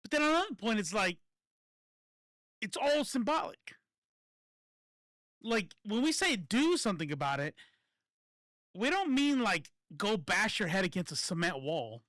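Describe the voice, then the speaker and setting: A man's voice: high voice, very animated, measured pace, long pauses, pushed and bright, no room sound. A man giving casual, profane political commentary that rambles, stopping and restarting often.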